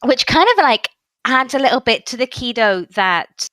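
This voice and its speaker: A Scottish woman talking through details in casual podcast chat, laughing now and then. Her voice is bright and clear, recorded dry and close to the mic. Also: a little high, lively intonation, moderate pace, dry recording. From Scotland. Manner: chatty, explains details, laughs often. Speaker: podcast co-host.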